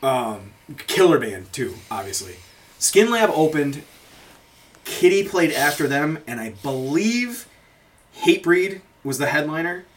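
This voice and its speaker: A man's voice: on the high side, big pitch swings, unhurried. A man hosting a podcast, chatting casually and rambling through stories with frequent swearing and laughter. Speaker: podcast host. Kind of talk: casual chat.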